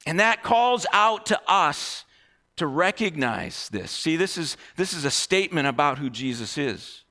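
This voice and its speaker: Bright, high-voiced male preacher. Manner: expressive, emphatic, swings between hushed and excited. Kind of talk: sermon.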